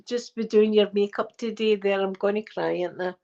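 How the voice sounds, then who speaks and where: A middle-aged Scottish woman talks straight to her viewers in a chatty, heartfelt way, close to tears and a little short of breath. Her voice sits at an ordinary middle pitch. The recording sounds dull and lo-fi. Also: fairly even intonation, moderate pace, mellow. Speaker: ASMR channel host. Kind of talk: casual heartfelt chat to viewers.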